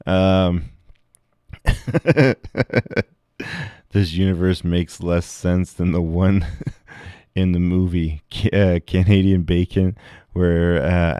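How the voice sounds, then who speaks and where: A deep-voiced man on a live stream, reacting to clips with crude, profanity-heavy chatter. The voice is close and dry. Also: mellow, clear, resonant tone, no room sound. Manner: crude, heavy swearing, laughing. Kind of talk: reacting to videos, casual chat.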